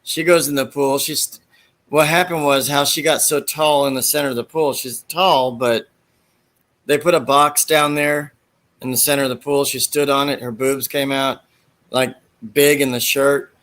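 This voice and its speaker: A man chats casually, rambling through a retelling of movie scenes and dropping into the quoted lines as he goes. His voice is bright and forward, at an everyday pitch. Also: steady tone, moderate pace. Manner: rambling storyteller who acts out quoted lines.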